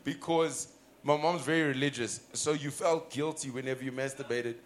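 A South African man, a comedian guest, telling animated anecdotes in casual chat and laughing often. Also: mid-range voice, moderate pace.

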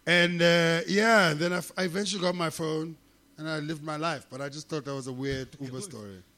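A comedian, a guest telling an animated, profane story in casual chat, laughing often. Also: male voice, fairly high pitch, fairly quick. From South Africa.

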